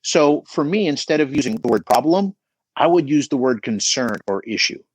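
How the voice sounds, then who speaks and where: A man's voice: mid-range voice, animated, moderate pace, slightly rough, no room sound. A middle-aged man giving emphatic coaching advice on a podcast, often checking in with "right?". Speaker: business coach guest.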